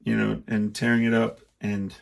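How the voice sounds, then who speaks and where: A middle-aged podcast host rambles through a personal story in a casual monologue, cutting himself off and acting out the quotes. His voice sits on the low side, gravelly and monotone, at a moderate pace.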